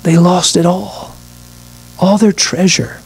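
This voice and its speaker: A man's voice: high-pitched, steady tone, takes it slowly, gravelly, breathy edge. A man, a pastor preaching a midweek sermon, reading scripture aloud and acting out little asides.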